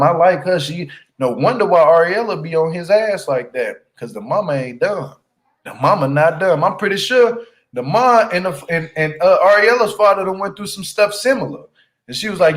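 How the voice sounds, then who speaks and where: Slightly high-voiced man, animated and teasing. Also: brisk, rough recording. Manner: animated, laughing, teasing, slangy; repeats "you hear me" for emphasis. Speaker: reality show recap commentator. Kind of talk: casual recap commentary.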